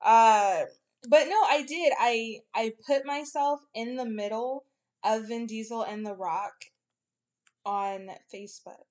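Giggly, bright-voiced woman podcast co-host. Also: fairly high pitch, slow. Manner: giggly, animated, jumps between topics. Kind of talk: casual chat.

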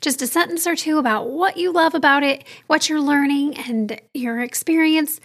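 High-voiced chatty woman podcast host. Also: a little slow, vocal fry. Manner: warm, candid and chatty, talks straight to listeners. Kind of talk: solo podcast monologue.

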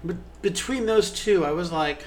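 A man co-hosting a casual theater podcast, his voice sitting a little high. He gushes about the shows with plenty of ums and restarts. A faint hiss runs underneath. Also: moderate pace. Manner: gushing, enthusiastic, with many ums. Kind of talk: casual theater review chat.

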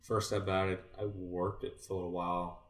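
A man's voice: deep voice, fairly quick. A man in his twenties telling a sports story in casual chat, acting out what he said back then and filling his talk with "like". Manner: animated, acts out his own past remarks, many "like" fillers. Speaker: podcast guest, former college baseball player. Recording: echoey room, voice distant from mic.

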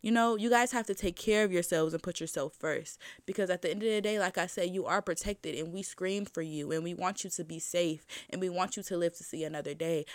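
A woman's voice: on the low side, no room sound, studio quality. Emphatic woman giving casual pep talk. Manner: emphatic, preachy, repeats points for stress; informal, slangy, addresses listeners directly. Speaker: vlogger. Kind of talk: casual motivational talk to camera.

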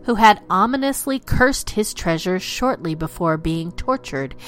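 A woman narrates eerie legends with a playful, theatrical flair and a lively, swooping pitch. She drops into mock pirate talk now and then. Faint music plays beneath her voice. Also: unhurried. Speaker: podcast host. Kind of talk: storytelling narration of dark legends.

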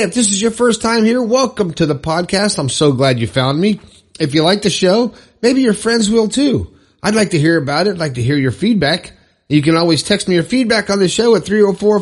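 Speaking alone on an upbeat podcast, a man with a slightly high voice lets his pitch swing widely. He's encouraging and chatty, slipping into casual fillers and restarting his sentences.

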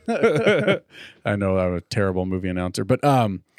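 A man's voice: lowish voice, very animated, measured pace, no room sound, studio quality. A man co-hosting a casual whiskey-tasting podcast, rambling, joking and poking fun at himself. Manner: joking, rambling, self-deprecating. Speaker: podcast co-host.

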